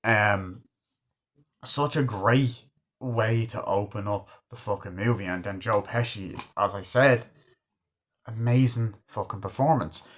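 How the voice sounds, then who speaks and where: A man's voice: on the low side, measured pace. A man casually reviewing a film, enthusiastic and swearing constantly while he acts out scenes. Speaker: movie reviewer. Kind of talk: casual movie review chat.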